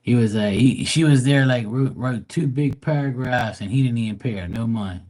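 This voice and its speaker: A man's voice: medium pitch, normal speed, a little mellow. A man, chatting casually on a live stream, profane and mocking, drawling as he quotes people in exasperated put-on voices. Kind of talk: casual ranting chat.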